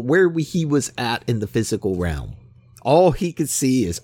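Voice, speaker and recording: A man preaching a conversational sermon, emphatic, with quick acted-out asides. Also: mid-range voice, huge pitch swings, slightly rough, dry recording. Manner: conversational, emphatic, acts out scenes.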